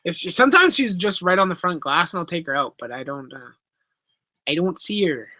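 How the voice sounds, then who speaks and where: Animated and fairly quick, this high-pitched man sounds pushed and bright on a dry recording. He's a Canadian hosting an easygoing live stream Q&A at home among pet enclosures, reading chat out loud via his laptop mic, joking around and swearing.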